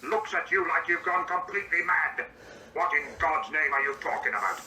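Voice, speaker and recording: A man's voice: a little high, moderate pace, bright, forceful tone. A synthetic male voice playing an indignant, easily baffled grown man, reading out his own stage directions before each line. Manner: synthetic, evenly paced delivery. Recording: echoey and distant, faint background hiss.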